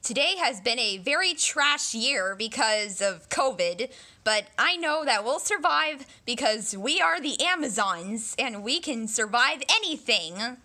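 A woman's voice: a little high, expressive, unhurried, bright, forceful tone. A woman voicing an earnest young woman giving a team toast in a homemade paper-cutout drama. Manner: earnest speechmaking.

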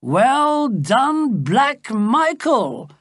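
A woman voicing a carefree young king who is loud and fond of wine, in hearty, jovial exclamations. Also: lowish voice, sing-song, slow pace, dry recording, studio quality, full character voice. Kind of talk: storybook character voice.

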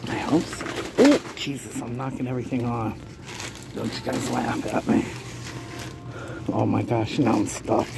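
A woman's voice: very deep voice, steady tone, unhurried, gravelly, pauses often, very noisy. A woman chatting casually to viewers while shopping, often chuckling, filmed on a handheld phone inside a large store. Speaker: shopping vlogger. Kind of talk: casual running commentary.

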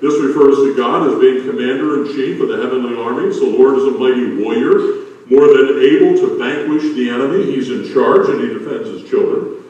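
Older male pastor, loud booming voice, folksy humor, recorded far off in a roomy church. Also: fairly quick, lo-fi sound. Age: 60s. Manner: folksy, joking storyteller. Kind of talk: sermon. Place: church sanctuary. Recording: very echoey, distant church room.

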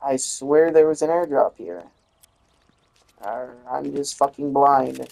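Low-voiced woman ranting over gameplay. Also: slow, creaky, mellow. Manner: frustrated ranting, heavy swearing. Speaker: gaming channel host. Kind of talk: gameplay commentary.

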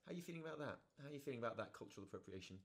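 A man's voice: mid-range voice, rapid-fire, gravelly. A man co-hosting a casual gaming chat, teasing and joking. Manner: jokey, teasing, animated storytelling. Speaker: co-host.

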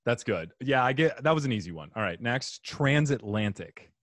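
A male podcast host, playful and laughing, setting up quick comic prompts for his guest. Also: mid-range voice, lively intonation, fairly bright tone, dry recording. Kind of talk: casual podcast chat.

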